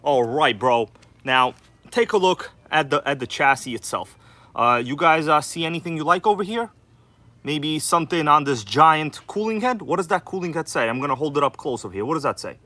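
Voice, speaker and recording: A man's voice: on the high side, expressive, a little fast, bright, forceful tone, no echo. A man with a New York accent hosting a casual livestream, greeting viewers by name in an exaggerated, hyped announcer style. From Queens, New York. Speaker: RC livestream host. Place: indoor room with air conditioner running.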